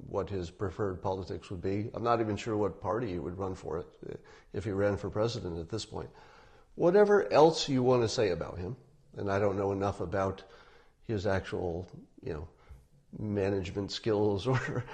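A man commentating to an online audience, stressing his points and swinging between loud and quiet. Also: lowish voice.

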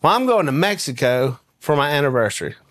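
A man telling a lively anecdote in casual talk, often laughing and acting out what others said. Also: on the high side, fairly quick. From American South. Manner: animated, laughs through his story, acts out quotes. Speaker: guest storyteller.

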